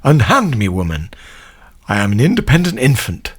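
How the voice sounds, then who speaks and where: A man squeaking as a haughty newborn. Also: wildly swooping pitch, normal speed, breathy edge. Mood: indignant. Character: squeaky pompous grown man acting as a newborn.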